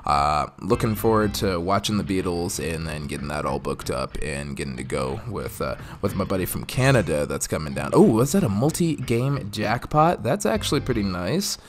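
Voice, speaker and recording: A man's voice: low voice, lively intonation, normal speed, few pauses, a little hiss or hum. A man hosting a slots channel, chatting casually and rambling over his mobile slot play, with many fillers. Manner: rambling and friendly, many "uh"s and "go ahead"s.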